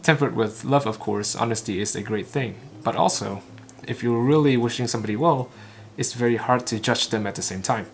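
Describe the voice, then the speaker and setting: A Vietnamese man, whose first language is Vietnamese, shadows a recorded talk line by line to practice his English, repeating it phrase by phrase in halting, clipped bursts with frequent stumbles and restarts. He is an English learner who also hosts a channel. His mid-range voice has a creaky quality, and there is slight background noise.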